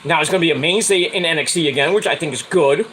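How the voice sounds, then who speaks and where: A man's voice: fast talker, sharp tone, a little hiss or hum, poor audio. A man hosting a podcast, ranting bluntly and profanely about sports fans. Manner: profane, blunt, mocks with high whiny voices. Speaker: podcast host. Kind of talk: casual sports rant.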